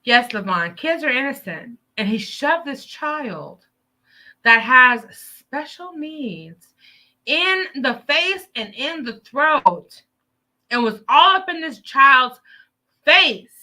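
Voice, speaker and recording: A woman's voice: high voice, animated, slow, sharp tone. A woman hosting a live stream, giving heated, emphatic news commentary full of profanity.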